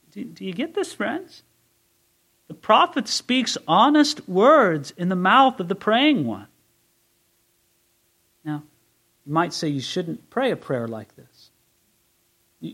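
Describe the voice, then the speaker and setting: A man's voice: high voice, expressive, unhurried, creaky, long pauses, a bit bright. A man preaching expository Bible teaching, reading scripture aloud with rising intensity and asking listeners direct questions. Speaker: pastor.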